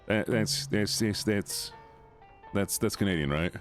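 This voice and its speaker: A man's voice: lowish voice, unhurried, soft background music. A man with a stuffed-up nose, casually chatting with his viewers while playing a game. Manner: talks to chat while playing, chatty and playful. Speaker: streamer. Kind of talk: casual gaming stream chat.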